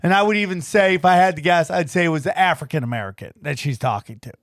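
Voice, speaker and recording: A man with a rather high voice chats as a podcast host, swinging into animated storytelling and mimicking the people in his tale. The sound is dry and close, with no room around it. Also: quick pace, dry recording. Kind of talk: casual chat.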